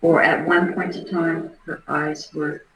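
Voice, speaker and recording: A middle-aged woman hosting a livestream, giving a halting, earnest case commentary. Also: sits low, flat delivery. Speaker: livestream host. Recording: roomy echo.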